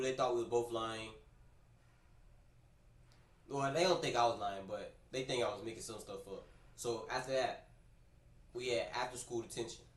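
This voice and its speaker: A man on a livestream telling a story in a casual, animated, slangy way, often repeating his phrases, recorded in a roomy space away from the mic. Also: mid-range voice, recorded from a distance. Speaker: streamer.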